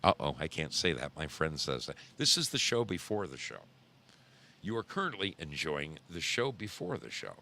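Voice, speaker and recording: A middle-aged man hosting a podcast, telling a story casually in a low voice, rambling and repeating himself for emphasis. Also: very animated, moderate pace, vocal fry, bright, forceful tone. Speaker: podcast host.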